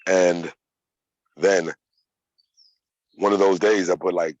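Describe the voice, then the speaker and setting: A man's voice: deep voice, steady tone, slow pace, darkish tone, dry recording, muffled recording. A man in his thirties candidly recounting a personal journey in casual, profane, reflective talk. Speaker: yoga practitioner sharing his story.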